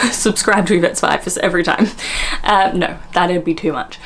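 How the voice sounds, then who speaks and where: A woman's voice: lowish voice, moderate pace. A woman with an Australian accent, vlogging in casual chat to the camera, chatty and self-deprecating.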